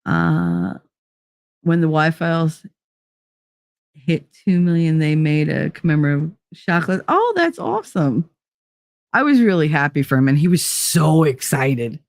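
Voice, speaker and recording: A woman's voice: low-pitched, animated, a little slow, darkish tone, no room sound, clean studio sound. A woman hosting a livestream talk show, chatting casually and reading viewer comments, blunt, swearing freely and laughing easily.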